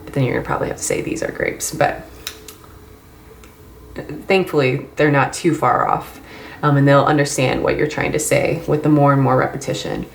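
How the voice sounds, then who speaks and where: A woman training volunteer English mentors in a relaxed, chatty way, with frequent ums and light laughs. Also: a bass voice, normal speed, creaky, slight background noise. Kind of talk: casual instructional talk. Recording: echoey room, faint ambience.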